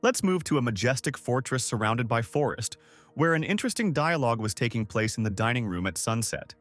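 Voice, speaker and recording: A man narrating a scripted story recap in a steady storytelling manner, reading the quoted lines without doing voices. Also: medium pitch, a little fast, no echo, faint music behind.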